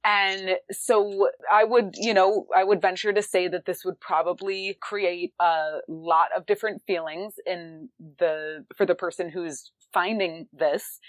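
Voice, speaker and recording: A woman's voice: on the low side, steady tone, a little slow, hardly any pauses, no echo. A woman podcast host asking questions in a loose, rambling way, full of "like" and "you know". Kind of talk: casual interview chat.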